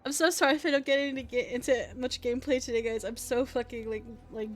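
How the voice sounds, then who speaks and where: A woman's voice: on the high side, steady tone, fast. A tired woman with a scratchy throat, rambling as she streams a game, full of fillers, swearing and joking at her own expense. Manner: rambling, filler-heavy, swears freely, self-mocking. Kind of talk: casual live-stream chat.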